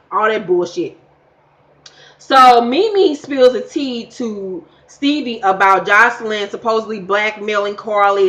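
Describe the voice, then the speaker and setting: A woman's voice: a little high, lo-fi sound. Sassy, profane woman recapping reality TV. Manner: sassy, loud, mimics cast members in quoted asides. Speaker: TV recap vlogger.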